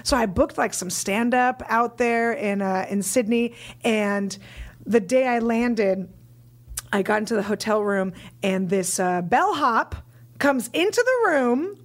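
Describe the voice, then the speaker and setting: A woman's voice: fairly high pitch, unhurried. A woman in her thirties, a stand-up comedian, telling stories casually on a podcast and acting out the quotes. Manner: animated, acts out quotes in raised voices.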